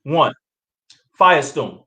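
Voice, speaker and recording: Hombre candidato, habla titubeante. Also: male voice, a little high, expressive, sharp tone, low-quality recording. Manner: halting, many fillers. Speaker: presidential candidate. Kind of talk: interview answers.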